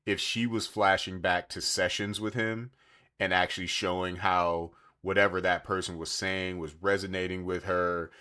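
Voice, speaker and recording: Chatting casually about a TV series, this podcast co-host has a low-sitting voice and a moderate pace. He gets animated, slipping into voices whenever he acts out a quote.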